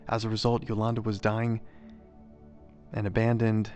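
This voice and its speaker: A man, a chaplain, reading a devotional story aloud in a measured, even way. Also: lowish voice. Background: soft background music.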